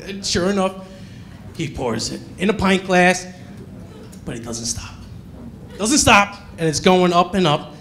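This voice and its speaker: A male stand-up comedian telling a story on a comedy club stage in an animated way, acting out the characters. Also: high-pitched, a little slow, pauses often, slight background noise.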